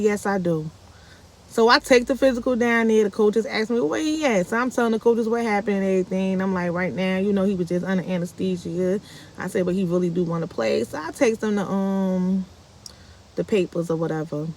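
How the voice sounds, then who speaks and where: A woman vlogger, telling a family story casually to her viewers and acting out the quoted lines. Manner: animated, acts out quoted speech with big pitch jumps.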